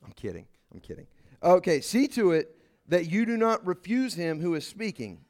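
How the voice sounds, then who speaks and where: A man preaching a sermon in a casual, folksy way, emphatic and animated, swinging between loud outbursts and quiet asides. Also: high voice. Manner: casual folksy phrasing with many restarts.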